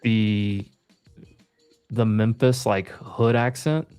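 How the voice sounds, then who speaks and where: A young man talking in a relaxed way as co-host, often restarting and repeating his words. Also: fairly low pitch, drawn-out words, smooth, faint music behind. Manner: relaxed, stumbles over words, repeats himself. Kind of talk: casual chat.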